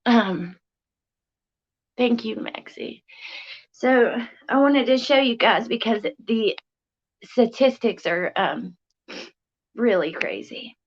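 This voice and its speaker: A young woman chats on a livestream. Her voice sits fairly high, soft-spoken and halting, broken by pauses and fillers. The audio is lo-fi and muffled. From West Virginia, USA. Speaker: livestream host. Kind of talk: casual livestream chat.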